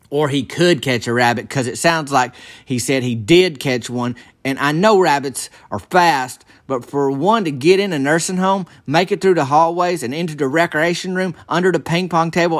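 A young man telling a rambling comic story in a folksy, halting way, full of restarts. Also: on the high side.

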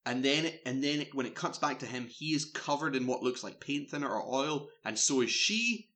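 A man's voice: mid-range voice, moderate pace. Brit guy rambling thru a movie plot, lots of likes and ums, chatty. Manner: rambling, filler-heavy, animated retelling. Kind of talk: casual chat recapping a film.

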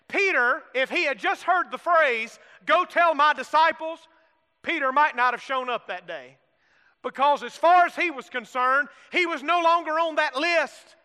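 Heard with a long hall reverb, a pastor preaches in a very high, pushed and bright voice. He uses folksy humor, acts out the disciples' lines, and calls on the congregation to repeat phrases back to him.

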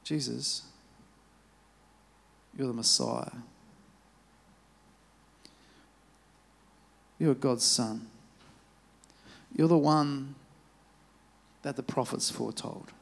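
A man's voice: mid-range voice, a little slow, creaky, pitched below the performer's own voice. A preacher doing a reverent fisherman. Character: earnest male fisherman disciple in awe.

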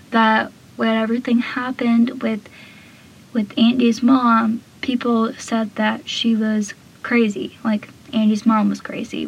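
A woman's voice: on the high side, slightly rough, poor audio. A woman casually recapping a TV episode, retelling scenes loosely and saying "like" and "I feel like" a lot. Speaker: show recap podcaster.

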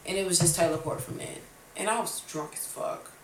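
A woman in her twenties with a lowish, brisk voice hosts a casual podcast chat at a kitchen table, telling a story animatedly with plenty of swearing and acted-out outbursts. The room sounds roomy, she's far from the mic, and there's faint noise.

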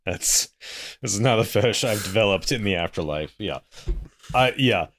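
A man's voice: on the low side, expressive, moderate pace, fairly bright tone. A man co-hosting a casual film podcast, talking in a rambling way with lots of fillers. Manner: rambling, many likes and restarts. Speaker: podcast co-host. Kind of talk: casual movie discussion chat.

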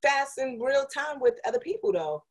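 A woman's voice: sits high, expressive, normal speed. A woman who works in radio, a guest on a podcast, talking things through in a reflective, casual way with lots of "you know". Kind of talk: casual chat.

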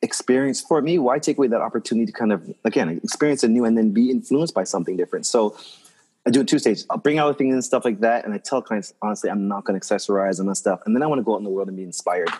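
Fast-talking husky man telling stories. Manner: animated storyteller, acts out quoted voices in a high pitch. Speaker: interior designer guest. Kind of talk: casual conversation.

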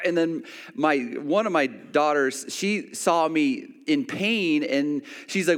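Man, pastor, sermon, somewhat high voice, long hall reverb, storytelling with restarts. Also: unhurried, a bit bright. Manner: storytelling with many restarts and acted-out quotes.

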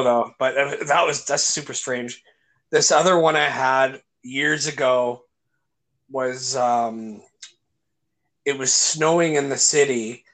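Chatting casually on a podcast, a young man with a mid-range, slightly bright voice tells long, meandering stories. He swears freely and imitates voices while telling them.

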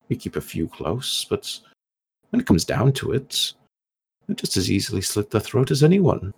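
A man voicing a scheming figure who speaks into a hero's mind, smug, patronizing and softly menacing. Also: lowish voice, vocal fry, slight background noise.

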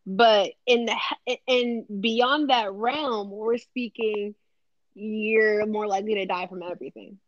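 A woman's voice: mid-range voice, slow pace, no room sound. A woman co-hosting a podcast in casual chat, talking emphatically and reading out statistics. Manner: animated, emphatic, reads out statistics. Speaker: podcast co-host. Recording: dry, slightly dull recording.

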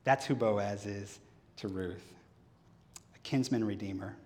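Pastor preaching in a reverberant church hall. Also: male voice, lowish voice, unhurried. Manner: animated storyteller who acts out the scripture dialogue. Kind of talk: sermon. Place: church sanctuary during a service. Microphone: handheld or headset microphone.

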